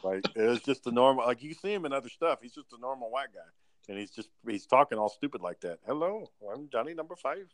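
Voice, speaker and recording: A man's voice: mid-range voice, lively intonation, fast. A man telling stories in a casual podcast chat, loose and profane.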